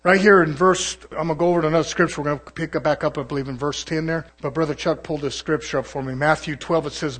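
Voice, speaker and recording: A man's voice: a little high, fairly even intonation, fast, hardly any pauses, a bit bright. A man, a pastor, preaching a folksy, conversational sermon and sometimes mimicking other preachers.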